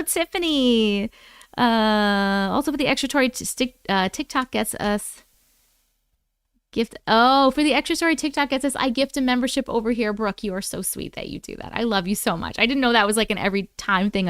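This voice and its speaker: Bright-voiced woman greeting live chat. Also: a little high, smooth, dry recording, clean studio sound. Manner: chatty, greets viewers by name, quick thank-yous. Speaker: livestream host reading chat. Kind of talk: casual live-stream chat. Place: at home.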